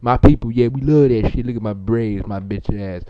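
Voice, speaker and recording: A man's voice: medium pitch, normal speed, slight background noise, natural voice. A young man playing a crude, boastful, foul-mouthed character, rambling and stumbling through an improvised comedy monologue. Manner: rambling, profane and stumbling, with many fillers. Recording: muffled lo-fi amateur recording.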